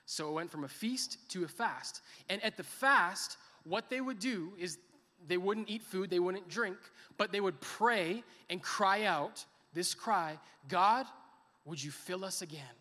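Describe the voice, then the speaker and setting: A male pastor delivers a sermon in a high, bright voice. He builds to fervent, impassioned crying out, then pulls back to quiet, intense emphasis. The sound rings with a long reverb from a large church hall. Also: a little slow. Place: church sanctuary.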